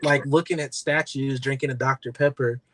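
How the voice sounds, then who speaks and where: Male podcast host, mid pitch, energetic anecdote teller who slips into other voices. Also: fairly quick, crowd noise, rough recording. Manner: animated anecdotes, acts out quoted voices. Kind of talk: casual chat, storytelling.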